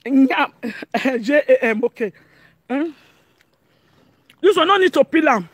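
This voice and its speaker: Nigerian lady vlogging at home, pretty high pitched, chatty pidgin talk, dry sound. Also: lively intonation, slow, dry recording. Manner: chatty, laughs often, speaks pidgin English. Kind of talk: casual home vlog chat.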